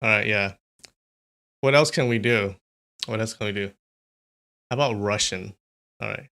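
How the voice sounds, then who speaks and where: A man's voice: on the low side, normal speed, pushed and bright, smooth. Chatty male livestreamer. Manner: chatty, laughs often, thinks aloud. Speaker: streamer. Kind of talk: casual livestream chat.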